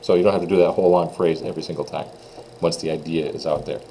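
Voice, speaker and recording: A man's voice: very deep voice, fairly even intonation, fast, vocal fry, mellow, a little hiss or hum, low-quality recording. A man from Minnesota teaching a beginner French lesson, patiently explaining phrases and modeling pronunciation. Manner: patient, plain-spoken, models pronunciations in a raised voice. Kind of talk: recorded classroom lesson.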